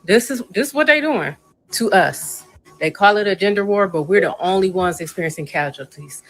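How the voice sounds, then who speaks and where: A woman's voice: mid-range voice, expressive, normal speed, soft background music, rough recording. A woman ranting on a podcast in a heated but weary way. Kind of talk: impassioned casual podcast talk.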